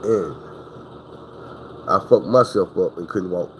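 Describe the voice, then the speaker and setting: A man's voice: sits low, slow pace, a little hiss or hum, low-quality recording. A man telling a story in a casual, profane, rambling way.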